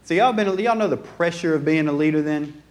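A man's voice: on the high side, a little fast. A man, preaching a folksy, joking sermon in church and acting out everyday dialogue. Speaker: pastor. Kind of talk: conversational sermon. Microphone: handheld or stand mic.

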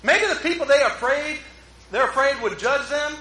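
A man preaching a relaxed, conversational sermon as pastor, joking at his own expense and drawing in the congregation. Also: extremely high pitch, normal speed. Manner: joking, self-mocking, talks with the congregation. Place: church. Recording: roomy hall echo.

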